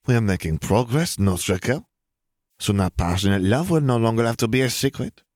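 A man's voice: mid-range voice, animated, moderate pace, darkish tone, dry recording, studio quality, voice pushed up, natural voice. A man reading a chirpy mischievous little sister. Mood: flirty.

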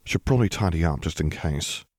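A young wizard husband with a wry, joking way of downplaying trouble, as a man reads him in an audiobook. The voice sits deep and low, recorded close and dry. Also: animated, fairly quick, a little mellow, dry recording. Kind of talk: audiobook character reading.

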